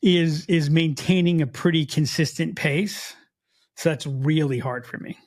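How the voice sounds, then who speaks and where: An animated American man with a slight Mid-Atlantic accent chats casually as a podcast co-host, speaking a little slowly. His voice sits a bit higher than most men's, and he often breaks off and restarts his sentences as he gets going.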